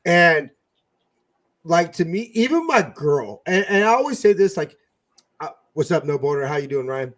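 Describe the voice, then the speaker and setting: This is a man co-hosting a casual fan podcast, his voice sitting a little high for a man. He talks fast and profanely, with sudden loud outbursts between quieter muttering. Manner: profane, excitable, swings loud and soft. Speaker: podcast co-host. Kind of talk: casual sports fan chat.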